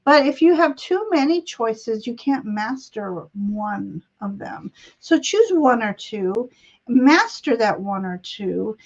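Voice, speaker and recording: A woman's voice: a little high, big pitch swings, slow pace, highs cut off. Chatty, giggly woman reading tarot. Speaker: tarot reader and show host. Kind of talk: live-stream tarot reading.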